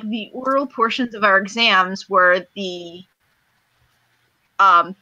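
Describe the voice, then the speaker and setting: A woman's voice: on the low side, sharp tone, dry recording, lo-fi sound. A woman guest in a casual voice chat, patiently explaining things step by step.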